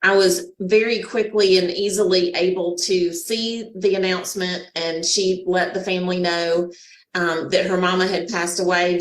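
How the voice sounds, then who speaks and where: A woman's voice: on the low side, little pitch movement, moderate pace. Southern woman in her fifties, echoey. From Georgia, US. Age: 50s. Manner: folksy, uses y'all. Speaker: guest. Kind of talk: casual chat on a webinar. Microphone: video call.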